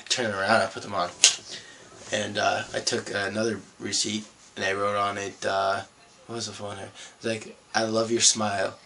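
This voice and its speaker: A man's voice: lowish voice, flat delivery, moderate pace, gravelly, pushed and bright, slight background noise. A young man from Canada vlogging, telling a rambling, profane story in a laid-back way. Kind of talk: casual storytelling vlog.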